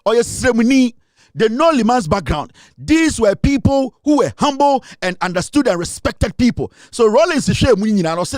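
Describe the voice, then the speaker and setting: Ghanaian male commentator, high-pitched, heated and scornful, close dry mic. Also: animated, normal speed, dry recording. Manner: heated, scornful, repetitive, switching into Twi. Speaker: political commentator. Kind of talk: impassioned political monologue.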